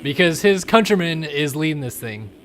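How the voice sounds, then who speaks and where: A man's voice: fairly high pitch, expressive, moderate pace, fairly bright tone, a little hiss or hum. A man giving casual, teasing color commentary on a motocross race, laughing often. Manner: jokey, giggly, teasing.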